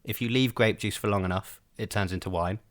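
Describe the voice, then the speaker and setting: Male podcast co-host, low, dry close mic, hesitant ramble. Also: brisk, no room sound. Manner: rambling, hesitant, many ums. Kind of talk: casual chat.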